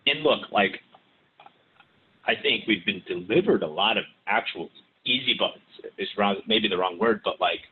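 Lowish guy rambling about car dealers, lots of likes and ums, sounds like he's on a phone line. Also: moderate pace. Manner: rambling, many fillers and restarts. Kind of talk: casual podcast chat.

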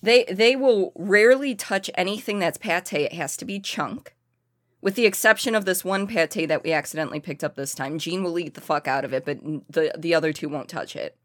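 A woman's voice: fairly low pitch, a little fast, no echo, clean studio sound. A woman in casual podcast chat, blunt and chatty, swearing casually.

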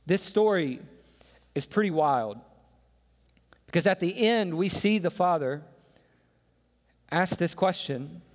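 A man's voice: sits high, animated, takes it slowly, pauses often. Impassioned male pastor preaching in a hall. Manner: impassioned, rhetorical questions to the congregation. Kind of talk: sermon. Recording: long hall reverb with faint music.

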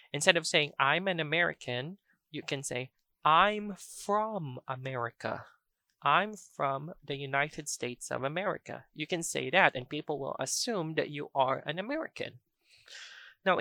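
A teacher, patiently explaining a language lesson and repeating example phrases slowly. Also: mid-range voice, vocal fry, pushed and bright, no room sound, clean studio sound. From Philippines.

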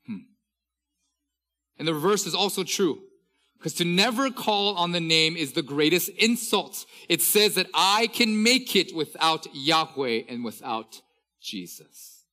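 A man in his thirties delivers a sermon as the church's pastor. His voice sits a little high and rings bright and forceful. He leans hard on key words and draws the scripture passages out slowly. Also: animated. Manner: emphatic preaching, drawn-out scripture reading.

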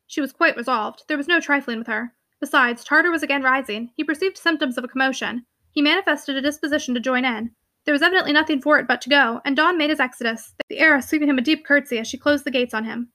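Young woman reading a classic novel then chatting about it, high bright voice. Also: fast talker, dry recording, studio quality. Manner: eager, chatty, many fillers in commentary. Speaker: audiobook reader and book commentator. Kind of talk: reading a novel aloud, then casual commentary.

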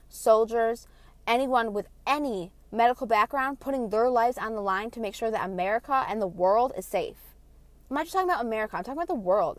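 A woman delivering a heated, profane vlog rant, blunt and passionate, swinging between loud outbursts and quieter asides. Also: medium pitch, dry recording. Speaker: vlogger. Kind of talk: ranting monologue.

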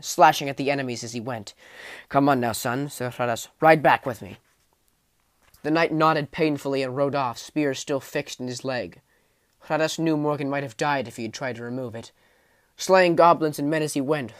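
A man narrates a fantasy novel as an audiobook, with vivid, intense storytelling. His mid-range voice climbs with the action and sinks to a low menace for the darker passages. The recording is dry and close, with no room sound. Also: no echo.

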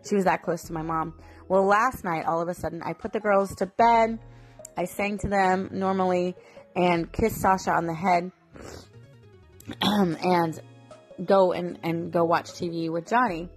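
A woman in her thirties shares a heartfelt family memory with her viewers. Her voice sits a bit low, and her telling is emotional and rambling, full of fillers and restarts. Soft music plays faintly behind her. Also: steady tone, a little slow. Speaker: mother vlogger. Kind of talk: personal storytelling to viewers.

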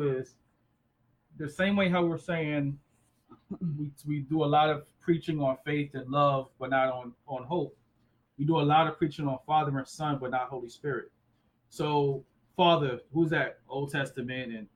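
A man in his thirties co-hosting a casual faith discussion, animated and acting out quoted voices. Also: on the high side, poor audio. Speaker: co-host.

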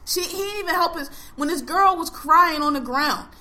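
A woman's voice: very high-pitched, normal speed, sharp tone. A woman in her forties hosting a podcast, ranting bluntly and with heavy profanity in casual chat. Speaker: podcast host.

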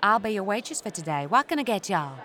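A man's voice: sits high, very animated, fast, pushed and bright, pitched above the performer's own voice, exaggerated voice. A man voicing a young, chirpy female waitress with a Southern American drawl. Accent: Southern US (put on). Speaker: comic character in a podcast sketch.

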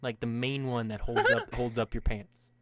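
A man's voice: medium pitch, level tone, normal speed, fairly bright tone. A man in casual chat, telling stories animatedly, swearing freely and acting out quoted characters.

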